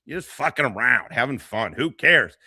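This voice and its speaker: Crude mocking male streamer, lively pitch. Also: normal speed, breathy edge, no room sound. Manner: mocking, crude, laughs often. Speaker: streamer host. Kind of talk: profane casual livestream rant.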